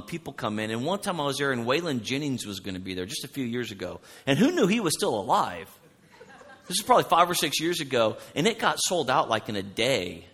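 A man preaching with a bright, forceful voice, loud and animated as he tells his stories. His voice carries through a church hall with a long reverb trailing behind each phrase. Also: mid-range voice. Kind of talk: sermon.

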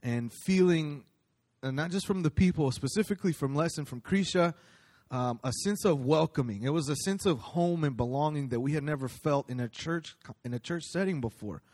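A man's voice: a little high, moderate pace, a little mellow. A man speaking at a church, giving a casual sermon in a conversational, storytelling way with many ums and restarts.

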